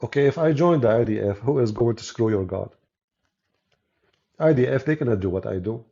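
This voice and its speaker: A native Arabic speaker from the Arab world, this man hosts a channel and debates, offering mocking, sarcastic live-stream commentary in an Arabic accent. His mid-range voice is gravelly and mellow, lively in intonation and a little fast, heard through dull lo-fi audio.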